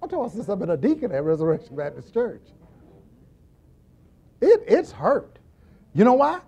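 Middle-aged male deacon teaching Bible class, high and very expressive pitch, jokey and animated. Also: moderate pace, vocal fry, husky. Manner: animated, acts out scenes with quoted voices, jokes and laughs.

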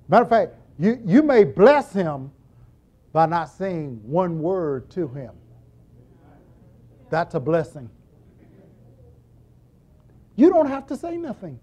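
High, lively-voiced preaching deacon. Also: male voice. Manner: animated, acts out scenes with quoted voices, jokes and laughs. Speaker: church deacon teaching a class. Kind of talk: humorous Bible teaching.

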